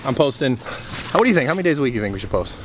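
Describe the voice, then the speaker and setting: A man's voice: mid-range voice, very animated, very fast. Joking young guy with noisy home audio. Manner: loose, joking, swears a lot. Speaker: fitness vlogger. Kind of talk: casual vlog chat. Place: at home with a dog.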